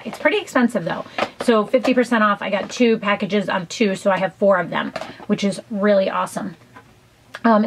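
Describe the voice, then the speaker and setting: A woman's voice: medium pitch, slight background noise, rough recording. A woman chatting casually in a beauty haul video, enthusiastic and rambling with lots of ums and side comments. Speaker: beauty vlogger.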